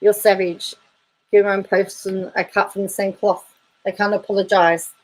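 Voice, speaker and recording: A woman's voice: medium pitch, flat delivery, moderate pace, rough recording. A woman YouTube commentator reading viewer comments aloud in a chatty, wry way, laughing between them.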